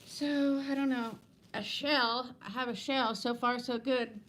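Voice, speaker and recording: A woman's voice: on the high side, steady tone, a little slow, a bit bright. A woman in her fifties chats on a casual livestream from home, rambling from one thing to the next and laughing often. She greets viewers by name. Her phone picks her up, with a faint hiss behind her voice. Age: 50s. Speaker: livestream host.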